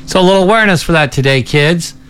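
A man's voice: fairly high pitch, fast, fairly bright tone, smooth. A man hosting a morning radio show in casual banter, chatty and tripping over hard words.

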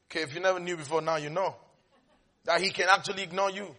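A man preaching a sermon with great animation, dropping to soft asides and rising to shouts as he acts out Bible scenes. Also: high voice, steady tone, quick pace.

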